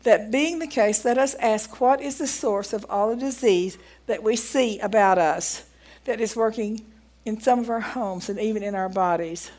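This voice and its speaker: A woman's voice: medium pitch, moderate pace. A woman giving a folksy sermon, reading aloud from a book and growing emphatic as she preaches. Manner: folksy, grows emphatic and loud when preaching.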